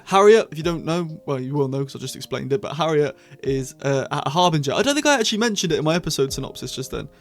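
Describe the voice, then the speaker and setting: Man, casual review chat, excitable, slightly high voice, faint background music. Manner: chatty, excitable, quick asides.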